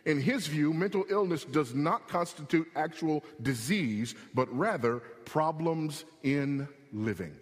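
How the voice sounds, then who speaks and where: A man preaching a sermon as pastor, emphatic, rising in pitch and slowing for stress. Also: long reverb tail. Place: church sanctuary.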